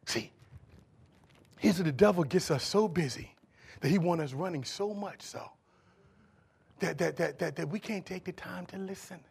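A male pastor preaching a sermon, calling out to the congregation and swinging from loud bursts to hushed asides. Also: high voice, normal speed, creaky, long pauses, husky.

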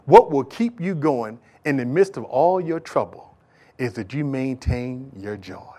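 A man preaching a sermon, moving from quiet, conversational asides to loud, shouted exhortation, with casual folksy remarks. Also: on the high side, very animated, unhurried, breathy edge. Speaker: pastor.

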